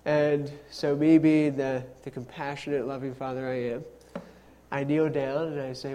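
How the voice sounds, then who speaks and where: A man's voice: mid-range voice, level tone, moderate pace, gravelly, warm tone, a little hiss or hum. A young man, a pastor, preaching a sermon in a conversational way with self-deprecating humor.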